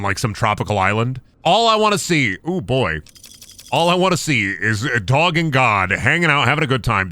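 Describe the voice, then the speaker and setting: A man's voice: medium pitch, bright, forceful tone, dry recording. A young man streaming a game, rambling through goofy jokes, swearing, and chatting with his audience. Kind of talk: casual game-stream commentary.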